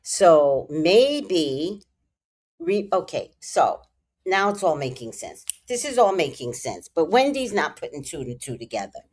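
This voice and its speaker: A woman's voice: on the low side, very animated, measured pace, a little mellow. A woman tarot reader giving casual gossip commentary, speculating and talking straight to her viewers.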